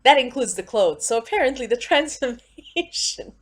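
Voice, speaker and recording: A woman's voice: fairly high pitch, lively intonation, normal speed. A woman vlogger at home, ranting in an exasperated, emphatic way and swearing freely.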